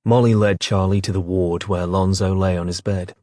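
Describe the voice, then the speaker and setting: A man narrating an audiobook in a measured, steady way. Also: low voice, dry recording, studio quality. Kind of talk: scripted narration.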